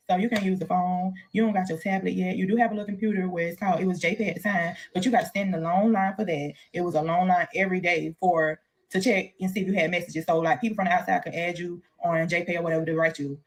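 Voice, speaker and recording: A woman's voice: fairly low pitch, fast. A woman telling a casual story in a candid, profane way, acting out the voices she quotes.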